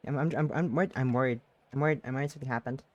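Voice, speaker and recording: During a live stream, a streamer reads a visual novel's dialogue aloud, teary and emotional, breaking into swearing outbursts between lines. The voice is mid-range and racing, with the highs cut off.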